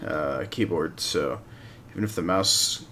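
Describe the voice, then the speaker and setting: A man's voice: low voice, a little slow, sharp tone, a little hiss or hum. A man streaming a hunting game live, giving casual gameplay commentary with rambling, self-mocking asides.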